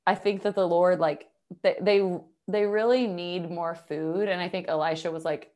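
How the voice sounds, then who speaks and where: A woman's voice: on the low side, moderate pace, hardly any pauses. A young woman co-hosting a podcast, chatting casually and animatedly, full of "like" and casual swearing. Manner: animated, swears freely, heavy use of "like". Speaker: podcast co-host. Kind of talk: casual chat.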